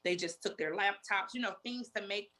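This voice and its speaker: Halting woman in her forties recounting. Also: medium pitch, sharp tone. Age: 40s. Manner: halting, repeats herself, retells with many "I said". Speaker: guest. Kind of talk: emotional interview testimony.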